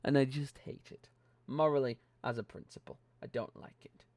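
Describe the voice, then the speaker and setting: British man, young adult, LEGO vlog host, blunt, sweary, mid-pitched, dry close mic. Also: steady tone, normal speed, a little mellow, no echo. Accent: British English. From Britain. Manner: blunt, ranting, swears casually. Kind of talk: casual opinionated vlog. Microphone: close desk microphone.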